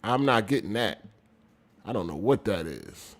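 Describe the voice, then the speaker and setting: A man hosting a casual gaming podcast livestream, reading viewer messages aloud, talking loud and animated, laughing often, in street slang. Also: on the low side, measured pace. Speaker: podcast host reading super chats.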